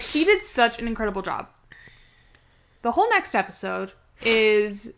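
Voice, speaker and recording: A woman's voice: mid-range voice, fairly bright tone. A woman co-hosting a casual podcast chat, effusive and emphatic, repeating phrases to drive her point home. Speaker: podcast co-host.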